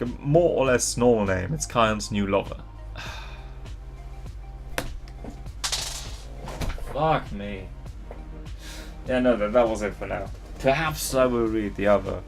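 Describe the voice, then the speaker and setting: A man reading a story aloud and mocking it, exasperated, laughing and swearing. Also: on the low side. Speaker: channel host. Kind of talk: comedic dramatic reading and commentary.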